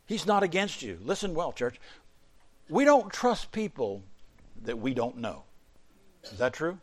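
A middle-aged man preaching a sermon, a pastor whose voice climbs to emphatic peaks and then falls low and quiet. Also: sing-song, a little slow. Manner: preaching with sudden surges in pitch and loudness, then dropping low.

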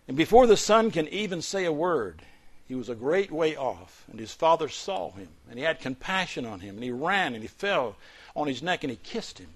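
A man preaching from the pulpit, his voice at an ordinary middle pitch. He swells to loud, forceful emphasis on key phrases, then falls back to quiet, low-voiced asides. When he reads scripture, he slows into a deliberate, stressed cadence. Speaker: pastor. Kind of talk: sermon.

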